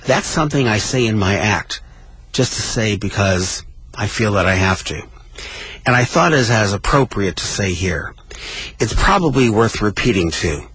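A man's voice: lowish voice, moderate pace, husky, no room sound, low-quality recording. A man co-hosting a radio talk show, chatting and reading book passages aloud with growing emotion. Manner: reads aloud with mounting emotion, shouts quoted lines.

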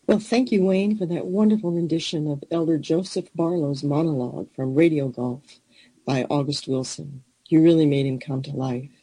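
A man hosting an event, introducing a performer and thanking him in earnest, measured remarks. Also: on the high side, steady tone, dark tone, husky, no room sound, poor audio. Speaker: event host.

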